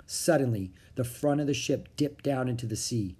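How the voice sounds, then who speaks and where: A reader narrating a children's book in a steady storytelling manner. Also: medium pitch, moderate pace, husky. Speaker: audiobook reader.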